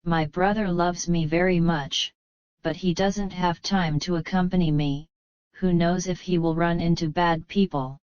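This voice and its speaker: A woman's voice: lowish voice, fairly even intonation, a little slow, darkish tone, clear, resonant tone, no room sound, lightly acted. A woman reading as a tearful young heroine. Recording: slightly dull, muffled.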